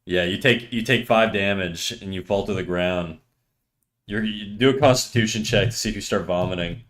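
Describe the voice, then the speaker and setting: A man's voice: lowish voice, normal speed, a bit bright. A man in his thirties, a livestreamer joking casually with his chat while he draws, laughing often. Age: 30s.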